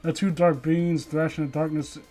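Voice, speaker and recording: A man's voice: a little high, flat delivery, normal speed, mellow. A young man giving a comedic reading of a story, breaking off into sweary, incredulous rants. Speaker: reader and commentator. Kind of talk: comedic dramatic reading with commentary.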